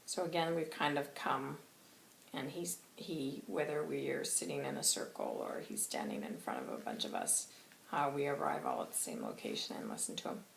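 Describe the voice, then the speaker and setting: A woman's voice: low-pitched, vocal fry. A woman channeller chatting through a monthly reading, rambling and laughing as she goes. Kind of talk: casual spoken reading. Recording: roomy with faint hiss.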